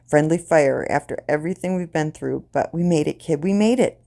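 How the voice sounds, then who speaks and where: Brief: rough male soldier near tears, low gravelly tone; voiced by a woman storyteller. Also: moderate pace, dark tone. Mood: tearful relief. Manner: urgent, emotional, near tears. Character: rough, loyal male soldier rescuing a comrade.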